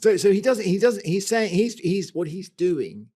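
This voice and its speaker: A man's voice: high-pitched, lively intonation, moderate pace, dark tone, husky. A man co-hosting a gardening podcast, talking in a rambling, jokey, self-mocking way. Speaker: podcast co-host. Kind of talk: casual chat.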